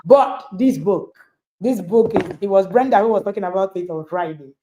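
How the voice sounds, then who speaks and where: A woman's voice: mid-range voice, moderate pace, mellow, slight background noise. A woman, a parenting coach hosting and speaking emphatically to listeners over a video call. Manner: emphatic, rhetorical questions. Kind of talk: motivational talk to listeners.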